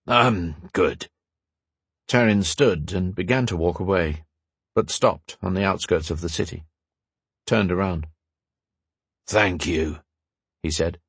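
A man reads a fantasy novel aloud with measured storytelling. His voice is low and husky, and the sound is dry and close. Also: no room sound. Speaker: audiobook narrator. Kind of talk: scripted narration.

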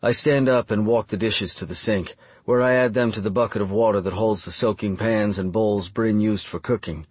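A young man reading a first-person audiobook in a calm, measured, reflective way. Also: on the low side, slightly rough, no echo. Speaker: audiobook narrator.

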